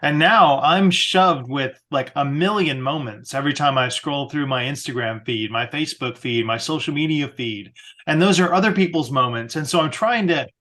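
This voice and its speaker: A man co-hosting a casual podcast, talking earnestly and questioning in quick bursts. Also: on the high side, sharp tone. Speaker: podcast co-host.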